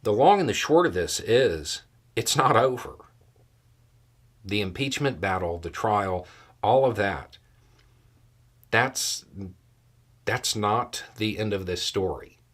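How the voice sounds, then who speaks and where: A man as a guest analyst, explaining political outcomes in a steady, measured way. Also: fairly low pitch.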